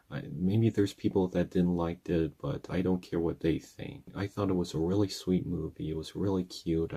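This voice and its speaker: Low, mellow-voiced man rambling through a movie recap. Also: vocal fry, slightly rough. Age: 30s. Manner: rambling, earnest plot recap full of "and then". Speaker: channel host reviewing a movie. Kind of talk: casual spoken movie review.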